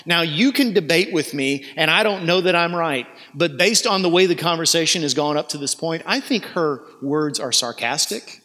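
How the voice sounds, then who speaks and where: A man's voice: fairly high pitch, normal speed, few pauses, pushed and bright. A male pastor preaching a sermon in an earnest, urging way, with conversational asides. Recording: long hall reverb.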